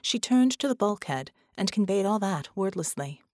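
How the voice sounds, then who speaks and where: A woman reading an audiobook in a measured, dramatic narration. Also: medium pitch, animated, darkish tone, no room sound. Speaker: audiobook reader.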